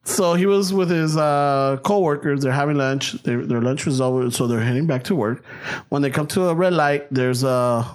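Animated storytelling man, swearing freely. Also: fairly high pitch, moderate pace. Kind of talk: casual chat, storytelling.

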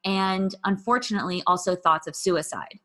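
A woman's voice: mid-range voice, moderate pace, pushed and bright. Woman, podcast guest, blunt candid storytelling, mid-range voice, swears freely. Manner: raw, blunt, swears freely, quotes herself and others.

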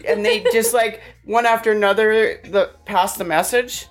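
A woman's voice: on the high side, moderate pace. A woman on a podcast telling a childhood story in a chatty way, with some laughter. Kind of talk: casual chat.

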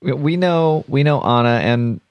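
A man's voice: mid-range voice, a little slow, clear, resonant tone, no echo, dull audio. Co-host guy chiming in, easygoing, middle voice, dry. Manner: chimes in briefly, agreeable. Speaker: podcast co-host. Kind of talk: casual podcast chat.

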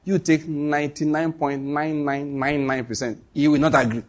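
A man's voice: a little high, level tone, normal speed. A man preaching a sermon, telling a story and acting out the dialogue between God and the prophets.

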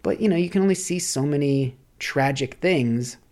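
A man's voice: a little high, normal speed, darkish tone. A man hosting a podcast, musing aloud in a rambling, philosophical solo monologue. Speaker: podcast host.

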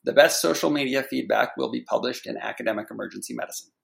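A man, a physician guest on a podcast, chatting in a relaxed, wry way. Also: mid-range voice, fast talker, vocal fry. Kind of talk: casual podcast chat.

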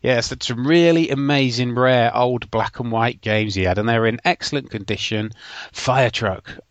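A man's voice: mid-range voice, normal speed, dry recording, highs cut off. A man co-hosting a podcast, chatting in a laid-back, bantering way. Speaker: podcast co-host. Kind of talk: casual chat.

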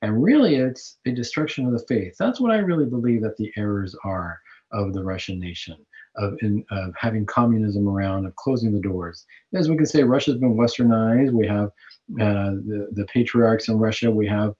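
A man's voice: lowish voice, normal speed, darkish tone. A man hosting a Catholic radio talk show, speaking earnestly in a preaching manner, with fillers and restarts. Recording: dull lo-fi radio audio.

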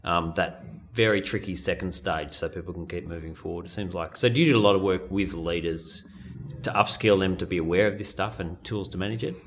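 A man's voice: sits low, fairly quick. A man co-hosting a church ministry podcast, summing up points in a reflective way and adding frequent short replies. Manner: reflective, backchannels often. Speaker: podcast co-host.

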